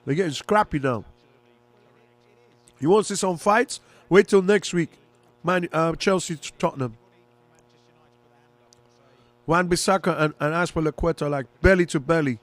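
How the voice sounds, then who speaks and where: Excitable high-voiced man calling a match. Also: moderate pace. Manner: casual, excitable, rooting for one side. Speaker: fan commentator. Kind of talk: live match commentary and reaction.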